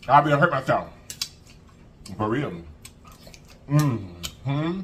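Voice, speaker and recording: A man's voice: mid-range voice, slow, long pauses, slight background noise. A man hosting an eating show, chatting casually to viewers and humming as he eats. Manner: animated, sing-song hype, lots of humming while eating. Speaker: mukbang host.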